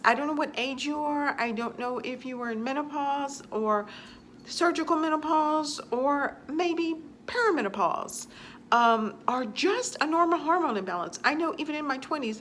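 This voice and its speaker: A woman's voice: a little high, a bit bright, slight background noise. A woman vlogger answering viewer questions in a chatty, earnest way, often repeating phrases for emphasis. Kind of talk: casual advice talk to camera.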